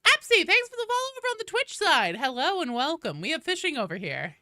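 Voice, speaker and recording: Bright, lively woman streamer. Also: sits high, fast, no echo, clean studio sound. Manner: chatty, greets viewers one by one. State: voice a bit gravelly from allergies. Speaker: game streamer. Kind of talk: casual live-stream chat.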